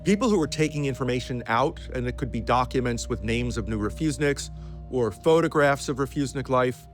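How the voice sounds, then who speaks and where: Calm man explaining, over faint music. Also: medium pitch. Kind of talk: explanatory interview talk.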